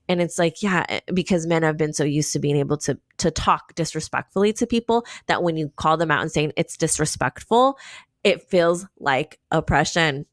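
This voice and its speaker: A woman hosting her own podcast, ranting in an animated, blunt way, swearing freely and often asking "right?". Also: low voice, normal speed, no echo, studio quality. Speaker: podcast host. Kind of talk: solo commentary rant.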